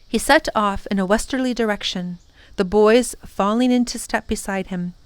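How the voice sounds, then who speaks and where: A woman librarian reading a children's chapter book aloud at storytime, gentle and expressive. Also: mid-range voice, moderate pace, clear, resonant tone, no echo.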